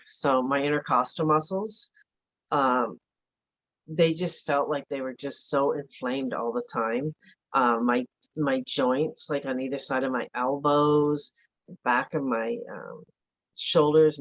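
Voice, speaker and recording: A middle-aged woman giving a halting, emotional personal account as an interview guest, with many fillers and restarts. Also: rumbling low, low-quality recording. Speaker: interview guest, bereaved mother.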